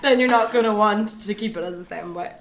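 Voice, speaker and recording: A woman's voice: medium pitch, fast talker, very noisy. A woman with an Irish accent co-hosting a casual podcast, chatty and teasing, giggling often. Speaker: podcast co-host.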